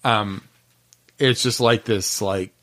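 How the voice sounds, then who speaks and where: A man co-hosting a podcast, chatting casually about music, unhurried and hesitant, often laughing. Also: on the low side, fairly even intonation, a bit bright. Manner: unhurried, giggly, hesitant with fillers. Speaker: podcast co-host.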